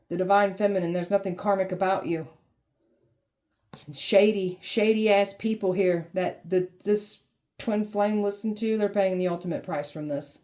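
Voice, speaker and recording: A woman with a mellow, dark-toned voice delivers a tarot reading. She talks bluntly and sassily, swearing freely and mocking, and her pitch sits mid-range for a woman. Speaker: tarot reader.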